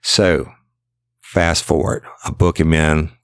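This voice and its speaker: A man's voice: extremely low pitch, steady tone, slow pace, creaky, clean tone, dry recording. A man, a former detective hosting a podcast, bluntly retelling a case in casual, profane storytelling and constantly repeating what he said. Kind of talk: casual true-crime storytelling.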